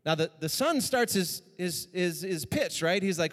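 A man delivers a lively sermon, repeating key lines to drive them home. His voice sits slightly high for a man. A long reverb from a large hall follows his words. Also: normal speed. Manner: animated, repeats lines for emphasis. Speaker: preacher.

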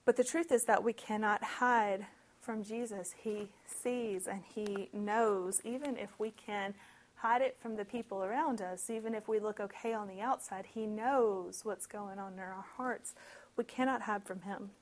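A woman preaching a sermon, reading scripture and explaining it in a conversational, expressive way with lively asides. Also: mid-range voice, measured pace.

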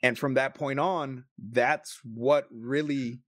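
A man's voice: mid-range voice, fairly even intonation, a bit bright, dry recording, studio quality. A man telling a personal story in a casual, emotional and profane way, sometimes choked up. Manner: emotional, profane, quick bursts.

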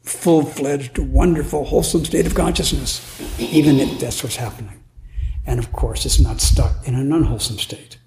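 Musing playfully and laughing now and then, a Zen teacher delivers a dharma talk at a retreat in a medium-pitched male voice at moderate pace. Faint noise and room echo color the recording.

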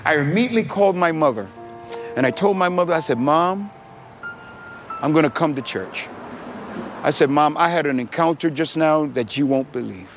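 Middle-aged male preacher, high voice, animated testimony over music. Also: normal speed, pauses often. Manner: animated storytelling, acting out voices. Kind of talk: sermon testimony.

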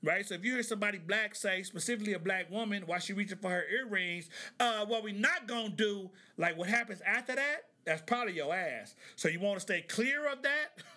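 A man in his thirties hosts a casual podcast, riffing in a loose, joking way and laughing between his points. His voice sits high and sounds bright and sharp. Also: brisk. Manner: animated, joking, laughs often, reads articles aloud with asides. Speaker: podcast host. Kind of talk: casual comedic commentary.

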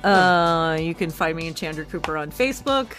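A woman's voice: sits low, animated, moderate pace, over music. A woman co-hosting a podcast, easygoing and upbeat as she plugs her shows. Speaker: podcast co-host. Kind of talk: casual group chat sign-off.

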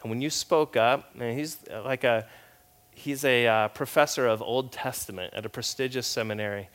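A male pastor delivering a sermon like he is telling stories to friends. He is animated and casual, with a middle-range voice, and he surges loud and then drops quiet. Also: mid-range voice, normal speed. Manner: animated, conversational storytelling with big swings in volume.

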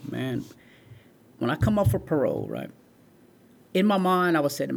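A man's voice: fairly high pitch, huge pitch swings, moderate pace, creaky. A man in his forties, a guest in an interview, telling his life story in an earnest way and often saying "man" and "right". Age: 40s.

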